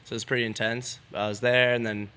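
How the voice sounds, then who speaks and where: A man's voice: medium pitch, flat delivery, a little fast, pushed and bright, clear, resonant tone. A young man, a BMX rider, telling a story as a podcast guest in a laid-back way, swearing freely and filling with "like". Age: young adult. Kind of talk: casual storytelling.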